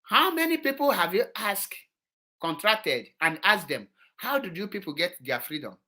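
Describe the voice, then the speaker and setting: A man with a Nigerian Igbo accent delivers a heated political monologue with a forceful, sharp tone. He scolds his audience and slides between English and Igbo mid-sentence. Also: high voice, sing-song, moderate pace. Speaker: political commentator.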